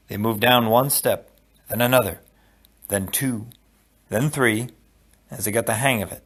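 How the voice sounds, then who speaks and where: A man reading a novel aloud as audiobook narrator, telling the story expressively and dropping low for asides. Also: measured pace, long pauses, fairly bright tone, slightly rough. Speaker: audiobook reader.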